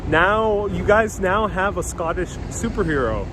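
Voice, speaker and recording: A man with a fairly high voice hosts a live stream as he walks down a busy street. He reads out viewers' comments and answers them one by one. Traffic hums clearly behind him, caught on a small wireless mic. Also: lively intonation, unhurried. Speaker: live-stream walking host. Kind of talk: live-stream chat while walking. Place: city street outdoors. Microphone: wireless clip-on mic. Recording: outdoor street noise. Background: city traffic.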